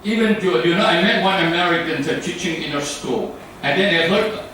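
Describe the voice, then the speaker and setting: A man's voice: sits high, fairly quick, hardly any pauses, sharp tone. A man from Thailand with a Thai accent, giving a rambling club speech full of fillers and restarts. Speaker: club speaker. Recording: very echoey room from far off, faint noise.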